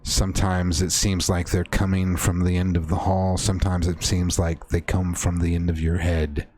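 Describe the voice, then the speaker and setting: A man acting as game master, slowly describing a horror scene in a tabletop game with frequent fillers. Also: low voice, level tone, a little mellow.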